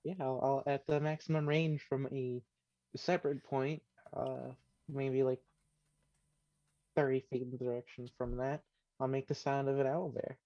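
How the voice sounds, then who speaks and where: A man's voice: medium pitch, flat delivery, moderate pace, dark tone, no room sound. A man playing a tabletop game, asking about the rules and thinking aloud. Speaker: player. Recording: dull lo-fi mic.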